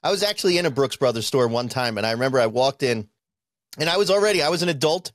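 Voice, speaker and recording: A man with a New Jersey accent telling profane, animated stories as a podcast co-host. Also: medium pitch, fast, dry recording, clean studio sound. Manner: profane storytelling, animated put-on quotes. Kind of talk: casual chat.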